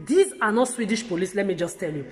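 A woman's voice: mid-range voice, animated, fast, faint music behind. A woman in an agitated vlog rant to camera, talking in heated bursts with stammering restarts and repeated words. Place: lives in the country she describes as where she'll age. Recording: echoey room with long reverb.

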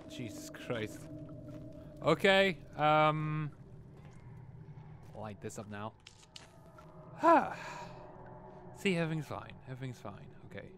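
A jumpy young man playing a horror game and chattering to himself, his voice bright and tense. He keeps calling out at imagined noises and muttering reassurances. The talk is loose and unscripted. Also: mid-range voice, a little hiss or hum. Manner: jumpy, talks to himself, startled outbursts. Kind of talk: casual let's-play commentary.

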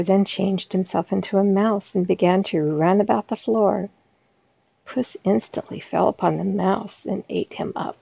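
A woman storyteller reading a classic fairy tale aloud in a soft-spoken, unhurried way. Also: medium pitch, steady tone, vocal fry, breathy edge, no room sound.

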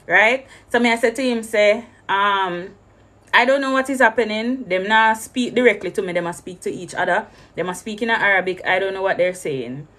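Jamaican woman telling a lively story. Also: medium pitch, moderate pace. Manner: slips between English and patois, acts out every exchange. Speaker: travel vlogger. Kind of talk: animated storytelling.

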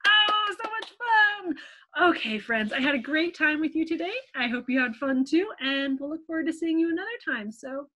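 A young woman leading a children's story time as librarian, gently coaxing her young listeners with questions. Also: high-pitched, fairly quick, few pauses.

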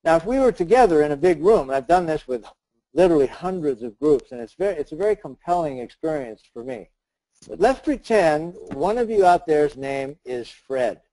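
A man's voice: fairly high pitch, animated, normal speed, low-quality recording. A man leading a webinar, giving a motivational talk and acting out the lines of a story he tells. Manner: storytelling, acts out dialogue, shouts in the story. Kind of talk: motivational talk with a told scenario.

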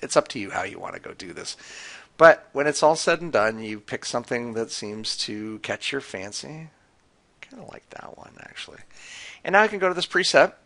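Guy narrating a screen tutorial, kinda low and gravelly, lots of ums. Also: bright, forceful tone. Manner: casual, talks through clicks with fillers. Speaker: tutorial presenter. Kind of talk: screen-recorded software tutorial.

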